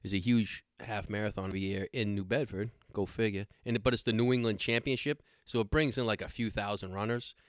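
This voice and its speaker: A man's voice: fairly low pitch, fairly even intonation, fast talker, hardly any pauses, dry recording, studio quality. A man on a podcast telling crude stories in a rambling, casual way and acting out other people's lines. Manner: rambling storyteller with coarse humor, acts out other people's voices.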